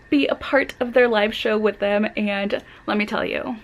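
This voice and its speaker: A young woman chatting casually on her book vlog, talkative and excitable, breaking into giggles as she goes. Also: mid-range voice, unhurried, vocal fry, rough recording. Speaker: book vlogger.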